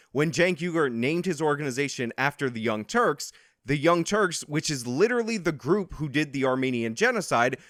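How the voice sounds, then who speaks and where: Combative male commentary host, sarcastic and lecturing, slightly high voice, dry close sound. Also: a bit bright, no room sound. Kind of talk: reaction commentary.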